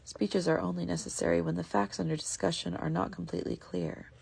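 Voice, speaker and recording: Brief: woman reading as a starving young male beggar, pleading, low and gravelly. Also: steady tone, darkish tone, heavily acted. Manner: pleading, slow and drawn out. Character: starving ragged young man begging in many tongues.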